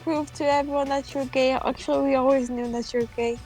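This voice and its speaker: A woman's voice: high-pitched, fairly even intonation, fairly quick, darkish tone, faint music behind, rough recording. A woman co-hosting a game playthrough, bossy and teasing, mock-insulting her partner between reading lines. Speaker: let's play co-host. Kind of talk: casual game chat, reading character lines aloud.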